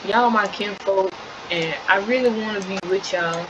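A woman's voice: medium pitch, moderate pace, noisy background, natural voice. A woman voicing a hurt fifteen-year-old girl who pleads to be accepted by her family. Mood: pleading.

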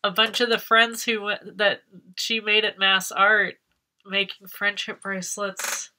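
Here a Massachusetts vlogger, a woman, chats her way through an unboxing with plenty of excitement and laughs, and she swears while ranting. She speaks unhurriedly at a medium pitch, with a little background noise.

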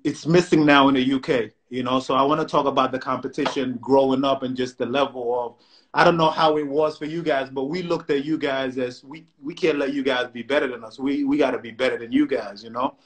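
A man's voice: mid-range voice, fairly quick, slight background noise, rough recording. A man with a London accent, from South London, chatting and teasing his friend on a live phone stream. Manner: teasing, animated. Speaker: co-host. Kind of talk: casual chat, banter. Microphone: phone on a live video stream.

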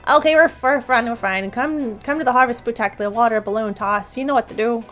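A woman's voice: fairly high pitch, brisk, a bit bright, faint music behind. A woman giving casual gameplay commentary in a giggly, playful way, laughing often. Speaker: let's play host.

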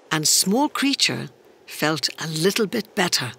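Slow, expressive storybook narrator. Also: medium pitch, creaky, slightly rough.

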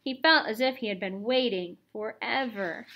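A woman reads a children's chapter book aloud with lively expression. Her voice sits a little high, and she narrates with an animated storytelling lilt. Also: moderate pace, muffled recording. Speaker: audiobook reader.

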